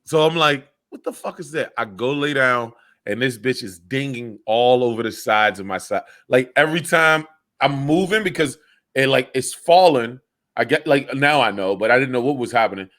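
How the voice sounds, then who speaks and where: A man's voice: medium pitch, expressive, moderate pace, a bit bright. A man co-hosting a comedy podcast, telling a crude story in rambling, profane casual banter. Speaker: podcast co-host.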